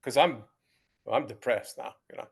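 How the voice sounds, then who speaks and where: A man's voice: medium pitch, normal speed, gravelly, husky. A man in his seventies, a former pro football player, telling stories in a casual interview with many restarts and repeated words. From United States.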